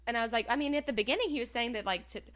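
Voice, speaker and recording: A woman's voice: a little high, racing, a bit bright. A woman co-hosting a podcast, talking eagerly and casually about a TV episode with lots of filler words. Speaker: podcast co-host. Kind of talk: casual chat reviewing a TV episode.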